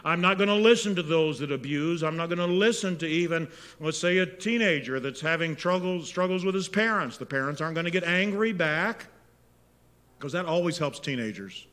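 A man preaching a sermon as pastor, moving between hushed, intimate prayer and loud, impassioned exhortation. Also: on the high side, lively intonation, fairly quick. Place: church sanctuary. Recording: long reverb of a large hall.

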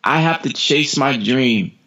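An American man in his thirties speaks as a podcast guest at a middle pitch. He tells motivational stories with energy, often repeating words and laughing. The audio sounds dull and lo-fi. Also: lively intonation, slow pace, pushed and bright. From United States. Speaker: guest, sprinter.

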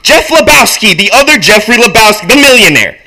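A man's voice: medium pitch, animated, a little fast, bright, forceful tone. A man reading the part of a hotheaded, bossy bowler who lectures his friends, ranting and swearing in a casual read-through.

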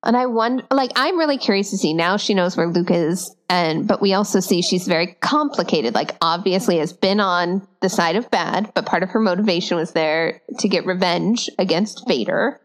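A woman's voice: lowish voice, moderate pace, few pauses. A woman co-hosting a casual podcast chat, rambling with fillers and giggles. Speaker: podcast co-host.

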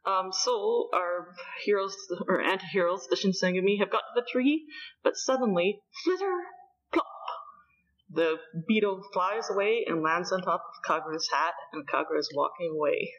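A woman from Canada, co-hosting a podcast and recapping manga chapters in an animated, storytelling way. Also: lowish voice, moderate pace, highs cut off. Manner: animated storytelling, laughs often. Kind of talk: casual chat.

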